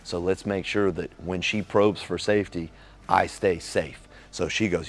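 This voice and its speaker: Man, very deep voice, casual motivational talk, acts out dialogue, animated delivery. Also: moderate pace. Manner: animated storyteller acting out quoted dialogue. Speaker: relationship talk host.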